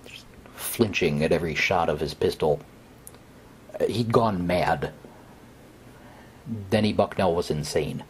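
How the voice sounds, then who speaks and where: Deep, slow, hesitant male horror narrator. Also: slight background noise. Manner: hesitant, conversational, with fillers. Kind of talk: first-person horror narration.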